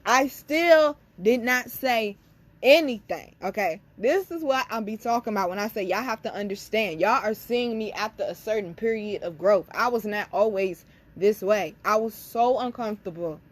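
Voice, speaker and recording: A woman's voice: medium pitch, normal speed. Blunt, profane young woman telling a personal story. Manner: blunt, profane, speaks directly to listeners as y'all. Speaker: spiritual reader and channel host. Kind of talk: candid personal storytelling to camera.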